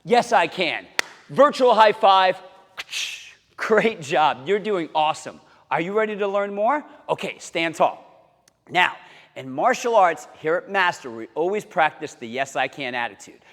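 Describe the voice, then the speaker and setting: A man's voice: high-pitched, fairly bright tone. A man teaching a karate lesson to kids, upbeat and encouraging, calling out chants and drill counts. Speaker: martial arts instructor. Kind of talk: kids' karate lesson to camera. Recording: long hall reverb.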